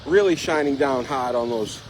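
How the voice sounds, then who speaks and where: A man's voice: mid-range voice, normal speed. Man, casual vlog host, rambling, slightly breathless, outdoors on a bike, heavy wind noise. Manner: rambling, chatty, fills with "you know". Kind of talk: live-streamed casual chat while biking.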